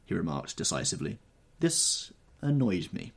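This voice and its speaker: A man narrating an audiobook in an expressive, measured storytelling manner. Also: low voice, creaky, slightly rough.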